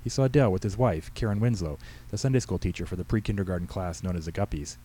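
A man reading aloud his own humorous short story with a brisk, wry delivery. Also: low voice, mellow, slight background noise, low-quality recording. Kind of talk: storybook narration.

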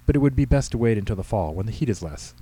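A practical male church janitor speaks in a plain, matter-of-fact way, as a man reads him aloud. The voice sits low and dark, and the lines come quickly. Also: expressive, slightly rough, no room sound.

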